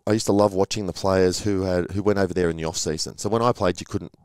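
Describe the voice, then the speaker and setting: A middle-aged man chatting as an interview guest, his voice sitting very low. He talks quickly and acts out the people in his anecdotes. The sound is dry and close. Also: steady tone, darkish tone, smooth, no echo. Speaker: podcast guest, former rugby league player. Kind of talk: casual storytelling interview.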